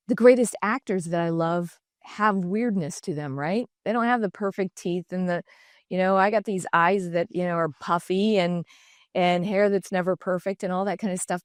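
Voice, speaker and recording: Lively middle-aged woman telling stories. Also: fairly low pitch, no room sound, studio quality. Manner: animated, acts out quoted dialogue in shifting voices. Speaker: podcast guest, designer and entrepreneur. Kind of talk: candid conversational storytelling.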